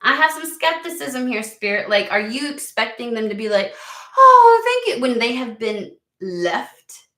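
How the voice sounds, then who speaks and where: A tarot reader gives a casual reading, ranting in exasperation, blunt and swearing heavily. Her voice is fairly high, at a normal speed, a bit bright, and the recording has a roomy sound.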